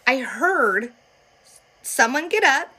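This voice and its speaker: Bright-voiced young woman telling stories. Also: high voice, slow, husky. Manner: animated storytelling with acted quotes. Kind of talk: casual chat.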